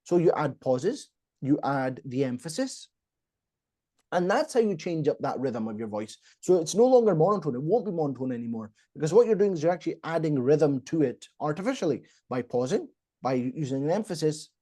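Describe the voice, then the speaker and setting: A man coaching on public speaking in a podcast, emphatic, pausing for effect and often repeating himself. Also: fairly high pitch, very animated, warm tone. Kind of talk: instructive podcast talk.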